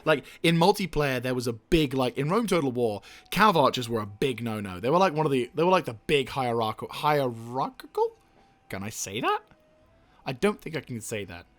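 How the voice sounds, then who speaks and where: A young man commentating his strategy game, swearing freely and venting frustration between calm planning. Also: mid-range voice, moderate pace. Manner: profane, ranting, venting frustration. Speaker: gaming YouTuber. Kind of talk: let's play commentary.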